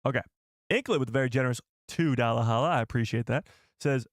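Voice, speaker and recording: A man hosting a live stream, chatting with viewers in an excitable, joking way. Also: medium pitch, fast talker, no room sound, clean studio sound. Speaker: livestream host.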